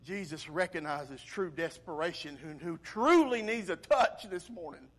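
A male pastor preaching an animated sermon, swinging from loud emphasis to quiet intensity. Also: on the high side, normal speed.

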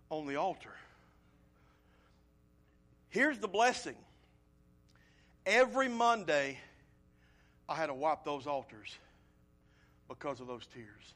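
A male pastor preaching a sermon, swinging from loud pleading appeals to quiet, low storytelling.

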